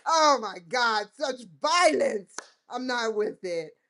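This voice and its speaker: A woman vlog host chats casually to camera in a slightly high, expressive, fairly bright voice, taking it slowly. She rambles, laughs often and acts out dialogue as if quoting people.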